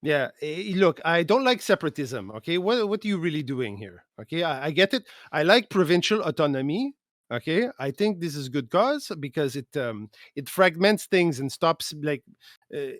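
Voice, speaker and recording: A man's voice: on the high side, very animated, normal speed, a bit bright, dry recording, studio quality. A man from Quebec putting on an exaggerated Quebec French accent in broken English, dropping articles and tacking "okay?" onto his points during a podcast chat. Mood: opinionated.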